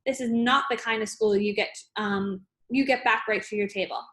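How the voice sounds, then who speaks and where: A woman's voice: medium pitch, fairly even intonation, moderate pace, fairly bright tone, close to an everyday voice. A woman reading aloud, voicing a stern female lunch teacher who scolds the boys. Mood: scolding.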